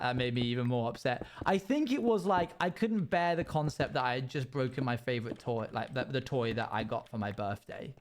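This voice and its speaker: Animated man telling stories. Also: mid-range voice. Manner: rambling, animated, sound-effect noises. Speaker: streamer. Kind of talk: casual storytelling while gaming.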